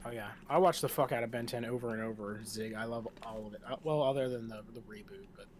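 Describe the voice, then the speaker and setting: A man's voice: mid-range voice, fast, a little mellow, slight background noise. A man streaming a game, chatting loosely with friends, swearing freely and jumping between tangents. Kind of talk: casual chat during a game stream.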